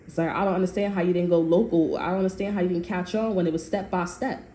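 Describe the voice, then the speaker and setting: A woman with a fairly low voice talks fast, giving a casual tarot reading as a monologue. She's blunt and profane, telling her story with lots of animation. The room is echoey, with faint ambient noise behind her.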